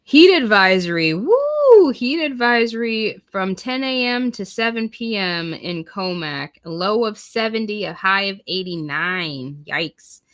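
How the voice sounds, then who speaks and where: Slow, chatty woman streamer. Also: mid-range voice, sharp tone. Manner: chatty, talks to viewers, reads weather aloud. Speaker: livestream host. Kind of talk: casual livestream chat.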